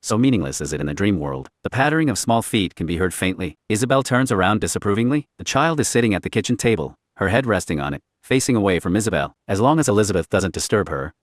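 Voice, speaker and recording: A man reading a scripted story as narrator, in a deep, level reading voice. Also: animated, fast talker, hardly any pauses, no room sound, clean studio sound.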